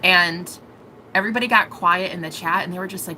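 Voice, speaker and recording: A woman's voice: fairly low pitch, a little fast, pushed and bright, slight background noise, poor audio. A woman vlogger telling a story in an emotional, rambling way, swearing freely. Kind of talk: storytelling vlog.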